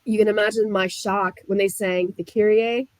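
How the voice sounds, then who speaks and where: A young woman from the US Midwest telling her story as a guest, animated and full of "like" fillers. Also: mid-range voice, normal speed, dry recording, low-quality recording. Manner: animated, frequent "like" fillers, laughs while telling. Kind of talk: casual storytelling.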